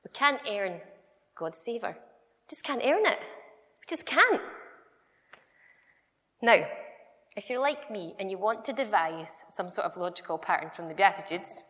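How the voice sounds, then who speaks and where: Woman preaching, chatty then loud and punchy, long echo from the hall. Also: a little high. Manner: conversational and emphatic, shifting from quiet asides to loud declarations. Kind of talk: sermon.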